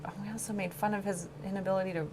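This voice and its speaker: A woman co-hosting a casual hobby chat, teasing playfully with quick jokes and laughs. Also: medium pitch, steady tone, background noise. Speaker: co-host.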